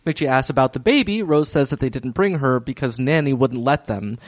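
Male podcast co-host, animated pitch, dry close sound, wry recap delivery. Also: normal speed, dry recording. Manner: wry, laughs often, summarizes plot. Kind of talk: casual recap chat.

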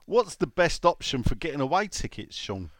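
A man's voice: a little high, very animated, moderate pace, no room sound, clean studio sound. A man hosting a casual chat show, rambling and joking as he reads out listener comments. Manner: rambling, joking, many fillers and restarts. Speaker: podcast host.

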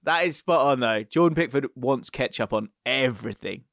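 A man's voice: medium pitch, normal speed, creaky, fairly bright tone, dry recording, studio quality. A man hosting a casual podcast, chatty and laughing as he reads listener messages aloud. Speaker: podcast host.

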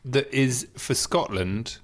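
A man's voice: medium pitch, slow. A man co-hosting a casual podcast chat, recommending places with wry joking asides. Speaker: podcast co-host.

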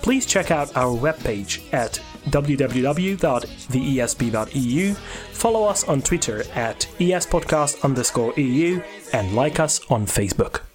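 Male podcast host; reads the outro at a medium pitch, then banters and laughs over his fumbles. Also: expressive, normal speed, few pauses, faint music behind. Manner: reads the outro smoothly, stumbles and laughs at his own slips. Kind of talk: scripted outro reading, then casual studio banter.

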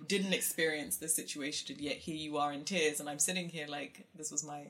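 Brief: woman host, fairly low voice, frank and reflective. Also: fairly even intonation, fairly quick, a bit bright, slight background noise. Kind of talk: casual chat.

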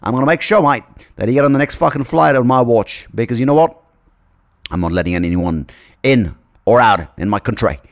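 A combative, foul-mouthed politician, as a man puts him on in a broad Australian accent. He barks and swears in a gravelly voice with wild pitch swings. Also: lively intonation, fairly quick, natural voice. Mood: belligerent. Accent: put-on Australian.

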